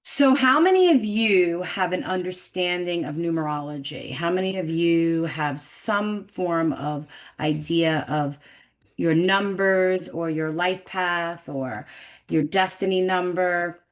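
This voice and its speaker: A woman's voice: fairly low pitch, takes it slowly. A woman with a New York accent hosting a live video-call webinar, chatting casually and joking about fumbling with the technology. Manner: chatty, self-deprecating, fumbling with tech. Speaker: webinar host.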